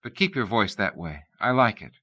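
A man's voice: fairly low pitch, sing-song, moderate pace, bright, forceful tone, heavily acted. A man voicing a restless young woman with a blunt, dry, teasing manner. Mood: commanding.

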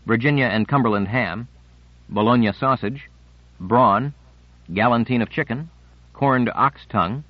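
A man narrates an audiobook in a measured, unhurried reading. The recording is dry and close, with a slightly muffled tone. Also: mid-range voice, no room sound.

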